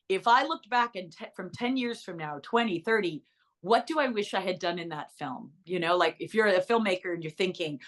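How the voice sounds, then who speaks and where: A middle-aged woman, an actress and author, telling stories in a bubbly interview chat with quick asides. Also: mid-range voice, fairly bright tone.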